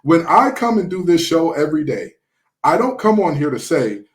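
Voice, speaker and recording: A man's voice: fairly high pitch, big pitch swings, moderate pace. A man from Detroit hosting a sports podcast, talking casually with sarcastic, mocking humor.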